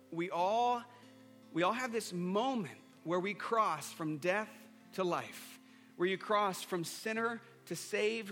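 A pastor with a high, bright, forceful voice preaches to a congregation, earnest and returning to a repeated refrain as he invites people to pray. The sound rings out with the long reverb of a large hall, while soft guitar plays underneath. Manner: earnest, repeats a refrain, leads a prayer line by line. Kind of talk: sermon with altar call. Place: church hall before a congregation.

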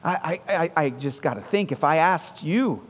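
A man's voice: on the high side, lively intonation, moderate pace, big-room sound. A man preaching a sermon as a pastor, talking in a conversational, earnest way and repeating phrases for emphasis.

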